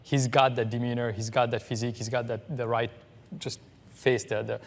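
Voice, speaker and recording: A man's voice: medium pitch, flat delivery, moderate pace. A man speaking as a game developer on a live panel, giving an earnest, considered opinion. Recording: long hall reverb from a live panel.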